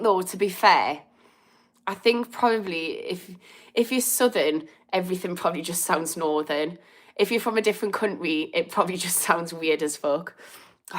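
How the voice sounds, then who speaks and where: Chatty Birmingham woman in her thirties, livestreaming. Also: lowish voice. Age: 30s. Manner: chatty, laughs often, reacts to comments with amused indignation. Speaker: recovery coach hosting a livestream. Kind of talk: casual livestream chat reading comments.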